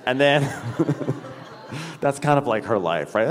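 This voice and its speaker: A man's voice: medium pitch, animated, a little slow. A man co-hosting a live podcast, recapping an episode with dry, wry quips. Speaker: podcast co-host. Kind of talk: comedic recap chat. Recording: live venue with hall reverb.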